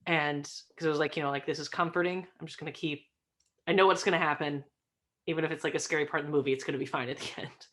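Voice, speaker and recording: A woman guest in a casual interview, chatty and filling her talk with "like", rising into excited bursts. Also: low voice, fast talker. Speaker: podcast guest, stream host.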